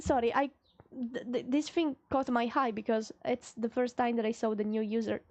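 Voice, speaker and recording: A young woman with a high voice chats casually and playfully with viewers during a live stream. She's recorded close up on a dry mic at home, with no room sound around her. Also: steady tone, normal speed, darkish tone, no echo, muffled recording. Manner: chatty, reads chat aloud, playful.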